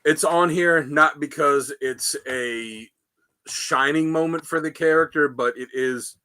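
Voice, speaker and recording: Guy on a comics podcast, bright voice, rambly storytelling, lots of um and you know. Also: fairly high pitch, slow pace, clear, resonant tone. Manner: rambling, animated retelling with many fillers. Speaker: podcast host. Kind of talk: casual comic book discussion.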